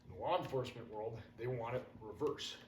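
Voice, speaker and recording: A man's voice: mid-range voice, a little fast. A man giving casual, hands-on radio training to firefighters, folksy and drifting into stories. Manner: casual, folksy, wanders into anecdotes. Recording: roomy, distant, faint room hum.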